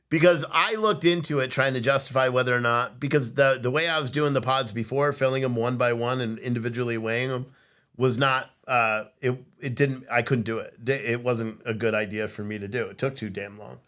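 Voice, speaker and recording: A man's voice: mid-range voice, a little fast, a bit bright. A tired man hosting a casual livestream, reading viewer comments aloud and joking with plenty of swearing. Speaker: livestream host selling coffee. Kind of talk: casual live-chat commentary.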